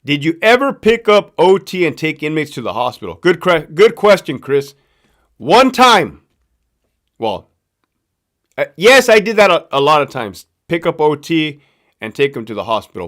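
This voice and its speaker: A man's voice: a little high, fairly bright tone. A man from Southern California with a local accent, hosting a casual live stream and answering viewer questions in a slangy, profane, loose storytelling way. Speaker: livestream host, former prison guard.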